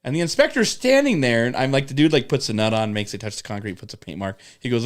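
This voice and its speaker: Man, storyteller guest, casual, profane, animated, mid pitch. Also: fast, hardly any pauses. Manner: animated, swears often, acts out coworkers. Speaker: podcast guest telling work stories.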